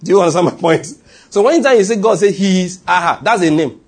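A man's voice: high voice, brisk, slightly rough. A man with a Nigerian accent preaching a sermon, telling stories with frequent laughs and questions to his congregation. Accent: Nigerian English. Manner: animated, laughs often, asks the audience questions. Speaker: pastor. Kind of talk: sermon storytelling.

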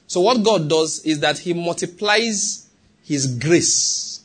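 A man with a Nigerian English accent delivers a sermon with emphatic, pressing conviction. His voice sits a little high and carries a husky, breathy edge. He keeps pausing to ask whether his listeners are following. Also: animated, fairly bright tone. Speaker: pastor.

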